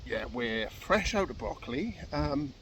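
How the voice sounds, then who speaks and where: A weary supermarket worker, voiced by a man, sounds dry and exasperated as his pitch bounces between lines. The voice is recorded outdoors, with a steady outdoor noise underneath it. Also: measured pace. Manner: dry, exasperated joke-telling. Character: weary male supermarket worker, patience wearing thin.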